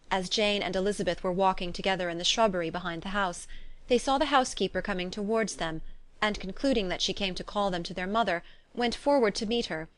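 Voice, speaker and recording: A woman narrating a classic novel as an audiobook, in a measured, even way. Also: medium pitch. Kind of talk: scripted narration.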